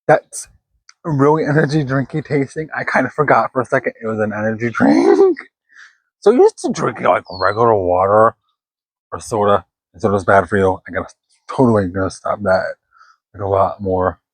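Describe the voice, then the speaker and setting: A man's voice: fairly low pitch, lively intonation, moderate pace, no echo, rough recording. A man rambling casually through a drink taste test, chatty and a bit self-conscious, recorded outdoors in the cold.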